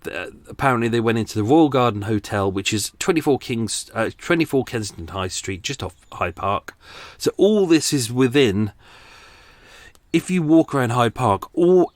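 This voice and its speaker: A man's voice: on the low side, no room sound. A middle-aged British man hosting a podcast, chatting casually in a wry, skeptical way with plenty of ums. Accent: British English. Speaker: podcast host. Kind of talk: casual unscripted commentary.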